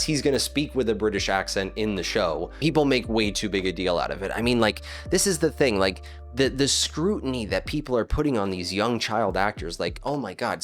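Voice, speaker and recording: Guy ranting, swears constantly, stumbles and repeats words, mid pitch, faint music behind. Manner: profane, heated, stammering restarts. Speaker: commentator. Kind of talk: casual ranting commentary.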